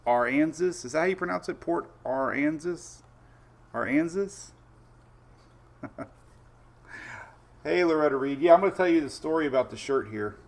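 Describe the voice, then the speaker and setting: A man hosting a casual weather livestream, greeting viewers by name and telling stories in a chatty, relaxed way. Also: on the high side, brisk, pauses often. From Florida Gulf Coast. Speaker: weather show host.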